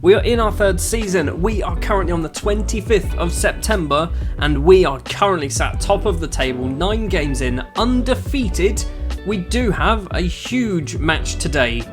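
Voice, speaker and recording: A man's voice: sits high, animated, moderate pace, over music. A young man casually talking through his football management game, dry and sarcastic. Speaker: gaming YouTuber.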